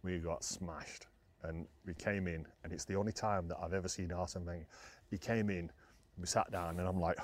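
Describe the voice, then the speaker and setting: A man's voice: deep voice, fairly even intonation, normal speed, darkish tone. A middle-aged man, chatting casually and laughing often as he tells old team stories. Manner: storytelling, laughs often, many fillers. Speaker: former footballer guest. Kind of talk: casual chat.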